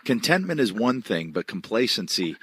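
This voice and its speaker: A man hosting an interview podcast, asking questions in a relaxed, chummy, teasing way. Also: fairly low pitch, normal speed, a little hiss or hum. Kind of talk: casual interview chat.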